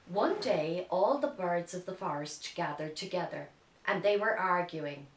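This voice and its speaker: Irish woman, early-years teacher, slow and lilting, roomy distant mic. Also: fairly low pitch. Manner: gentle and clearly spoken. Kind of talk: storytelling lesson for young children.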